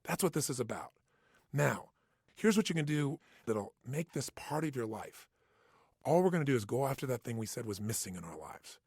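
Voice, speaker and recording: A man's voice: mid-range voice, very animated, moderate pace, darkish tone, breathy edge, no echo, clean studio sound. A man giving an intense, emphatic motivational talk, hammering points with punchy repetition. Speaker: motivational speaker. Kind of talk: motivational self-help talk.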